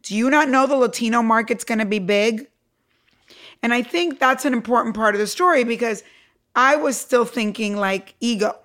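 A middle-aged Cuban woman, appearing as an entrepreneur guest on a podcast, tells her story with emphatic energy. Her voice is on the high side and her pace moderate, and she's animated, stressing points hard and acting out quotes.

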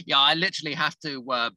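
A man's voice: a little high, pushed and bright, dry recording. A man hosting a podcast interview, jokey and chatty, laughing easily. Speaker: podcast host. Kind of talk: casual interview chat.

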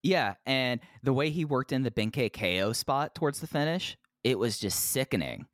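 A man's voice: mid-range voice, lively intonation, normal speed, fairly bright tone, no echo, clean studio sound. A man co-hosting a podcast, speaking energetically with many fillers. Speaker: podcast co-host. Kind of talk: casual chat, wrestling review.

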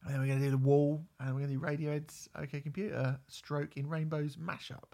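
A man's voice: a little high, little pitch movement, a little fast, creaky, warm tone. A hungover man hosting a podcast, chatting casually, joking and swearing. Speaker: podcast host. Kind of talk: casual chat.

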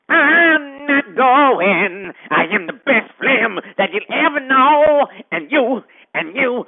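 A man's voice: sits high, no room sound, heavily acted. A man voicing a pompous, irate male gargoyle who rants theatrically as a crank caller over a phone line. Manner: theatrical, ranting, wildly swinging delivery. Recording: tinny dry phone line.

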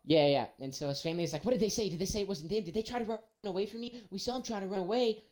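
A young man, casually telling a story and acting out every quote with big jumps in his voice. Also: racing. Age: young adult. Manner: animated, acts out quotes with big pitch jumps.

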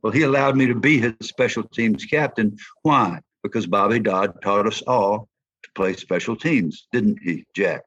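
An older man with a Southern accent, a former football player telling folksy, animated stories in an interview. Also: fairly low pitch, moderate pace, husky. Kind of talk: storytelling interview. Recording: dull lo-fi sound.

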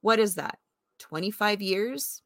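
A woman's voice: medium pitch, a little slow, fairly bright tone, no echo, clean studio sound. A woman in her forties gives a reflective personal testimony in an earnest, conversational way, full of fillers. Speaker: vlogger sharing faith testimony.

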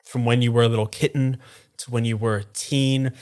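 A man's voice: medium pitch, steady tone, a little fast, darkish tone. A man narrating a tabletop game as game master, with vivid, playful descriptions.

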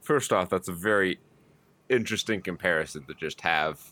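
A man's voice: sits low, moderate pace, fairly bright tone, no room sound. A man hosting a podcast, making dry, wry remarks in casual chat. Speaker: podcast host.

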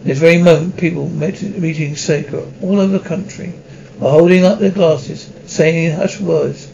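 A man reading a children's novel aloud as an amateur audiobook, halting, with frequent slips and restarts. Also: on the high side, fairly even intonation, creaky, a little mellow. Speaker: audiobook reader. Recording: dull lo-fi recording.

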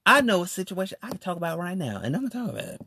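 A podcast host giving a solo rant in an emphatic, animated, slangy way, repeating phrases for emphasis. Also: medium pitch, very fast, creaky, husky, no room sound.

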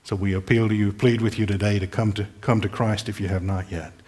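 Male pastor, lower-pitched, earnest sermon delivery with pleading appeals. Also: flat delivery, a little fast, a little mellow. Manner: earnest, pleading, rephrases verses plainly.

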